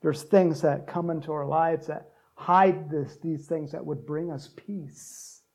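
A man preaching a sermon, joking with the congregation and breaking into loud shouts to act out cheering crowds. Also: on the high side, steady tone, slow pace. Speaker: pastor.

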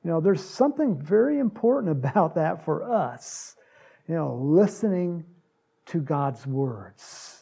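A man's voice: on the high side, lively intonation, measured pace, creaky, dark tone, breathy edge. A man preaching an informal, conversational sermon, with frequent fillers. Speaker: pastor.

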